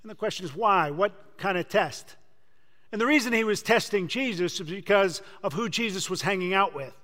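A man preaching a sermon, retelling a scripture story with lively acted-out dialogue. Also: sits high, normal speed. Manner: animated storytelling, acting out quoted voices. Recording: long hall reverb.

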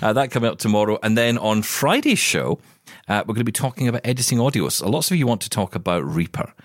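A man with a low voice co-hosts a relaxed radio chat. His talk jumps up and down in pitch, with restarts and quick chuckles. The sound is close and dry. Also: dry recording. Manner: animated, chuckling, rambling restarts. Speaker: co-host.

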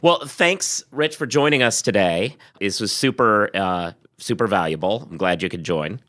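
A man hosting a legal podcast, arguing his point quickly and emphatically, then reading the show's sign-off. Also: fairly low pitch, animated, a bit bright, no echo, studio quality. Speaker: podcast host. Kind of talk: casual podcast debate.

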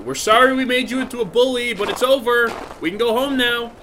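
A man voicing a high-strung young man who talks in an exasperated, excitable, snappy way in a comedy skit. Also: a little fast, a little hiss or hum.

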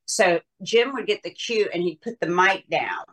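A woman's voice: fairly low pitch, normal speed, a crowd in the background. An older woman with a Southern US accent, a guest in a casual interview, telling gossipy stories and quoting people as she goes. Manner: storytelling, gossipy, animated quoting. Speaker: interview guest, veteran wrestling personality.

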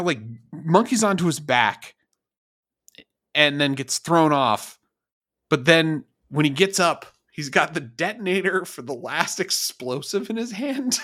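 A man co-hosting a podcast, recapping a TV episode in animated, laughing, profane casual chat. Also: on the high side. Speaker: podcast co-host.

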